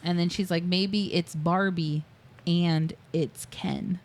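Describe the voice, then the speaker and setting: A woman's voice: fairly low pitch, fairly even intonation, slow pace, darkish tone. A woman co-hosting a casual podcast, walking through a movie scene by scene, acting out quoted lines with fillers and laughs. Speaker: podcast co-host. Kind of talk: casual movie recap chat.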